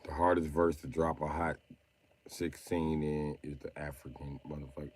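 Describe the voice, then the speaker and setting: A man's voice: rumbling low, level tone, moderate pace, a little mellow, faint music behind. A man streaming live, chatting casually in a crude, joking way and laughing at his own bits.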